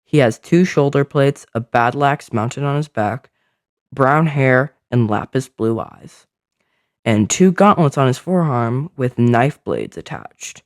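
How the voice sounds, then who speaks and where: A man's voice: mid-range voice, expressive, a little slow, no echo, clean studio sound. A man narrating a fantasy adventure story, describing scenes with small slips.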